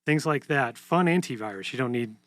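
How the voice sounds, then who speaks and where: Man, mid pitch, dry close sound, relaxed tech explainer, podcast co-host. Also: fairly quick, no echo. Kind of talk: casual chat.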